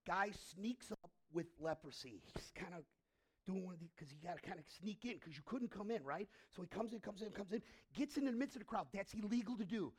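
Preaching from the pulpit, this man tells the story with drama, alternating emphatic loud stretches with soft, hushed ones. His pitch is high with lively intonation, his pace a little fast, and his tone husky.

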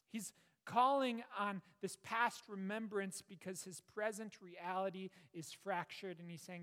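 A man preaching a sermon, earnest, with rises and falls and hushed, prayerful passages. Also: high-pitched, measured pace. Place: church. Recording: long reverb of a hall.

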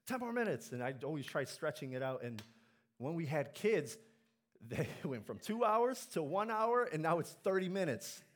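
A male pastor preaching a sermon in church, animated, swinging between loud exhortation and quiet, earnest asides. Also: fairly high pitch, moderate pace.

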